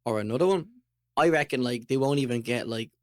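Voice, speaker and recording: An Irish man co-hosting a podcast, talking in an animated, ranting way while chewing toffee. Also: medium pitch, a little fast, no echo, studio quality. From Ireland. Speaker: podcast co-host. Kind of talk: casual chat.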